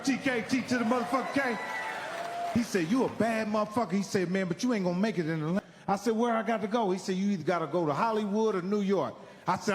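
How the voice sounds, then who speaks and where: A man, originally from Indiana, telling profane, animated stand-up stories and acting out the people in them. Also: high voice, long reverb tail. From Indiana, United States. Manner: profane, animated, acts out characters' voices. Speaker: stand-up comedian. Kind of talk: stand-up storytelling.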